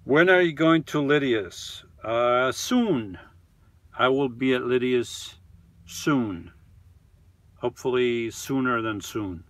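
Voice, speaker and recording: A man's voice: medium pitch, slow, a bit bright, no room sound. A man hosting a casual live stream from his camper van, reading viewer comments aloud and answering them one by one in an easygoing, chatty way that often trails off.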